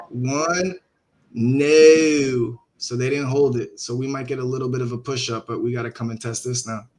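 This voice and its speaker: A man hosting a live trading stream over online voice chat. He talks in a casual, slangy way and thinks out loud. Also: medium pitch. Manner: laid-back and slangy, thinks aloud. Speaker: livestream host and trader.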